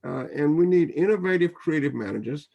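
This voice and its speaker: A man's voice: a little high, expressive, fairly quick, vocal fry, dark tone. An older man, a professor, speaking in a roundtable discussion in a rambling way that often repeats words.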